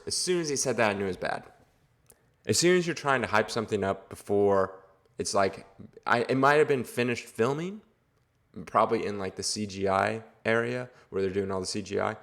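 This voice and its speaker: A man with a fairly low, gravelly voice rants through a casual movie review. He rambles and leans on filler words, with an exasperated, offhand tone throughout. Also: brisk, a bit bright. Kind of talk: casual video review rant.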